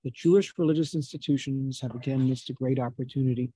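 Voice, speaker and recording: A man's voice: mid-range voice, steady tone, fast talker, mellow, husky, no room sound, poor audio. Man reading a passage aloud on a call. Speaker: class participant reading aloud. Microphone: video call.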